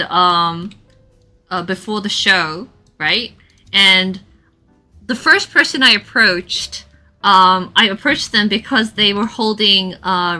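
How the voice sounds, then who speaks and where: A young woman chatting casually on a drawing livestream, telling stories with lots of giggles. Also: medium pitch. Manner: giggly, animated storytelling with frequent laughs. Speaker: artist streaming a live drawing session.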